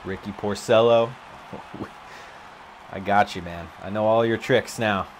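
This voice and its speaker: A man commentating live on his own video game play from an empty office, excitable, his voice jumping high when he gets worked up. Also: unhurried, a little hiss or hum.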